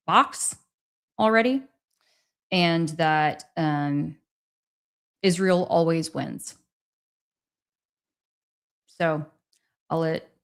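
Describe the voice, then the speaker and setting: A woman with a low voice and clean tone hosts a casual livestream. She chats with viewers and reads out and thanks them for their super chats and messages.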